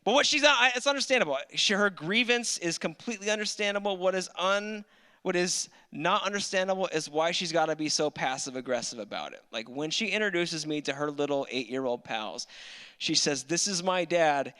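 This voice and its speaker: A man's voice: fairly high pitch, a little fast, pushed and bright, clear, resonant tone. A man in his thirties doing a stand-up set on a club stage, telling dry, self-mocking stories into a handheld mic. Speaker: stand-up comedian.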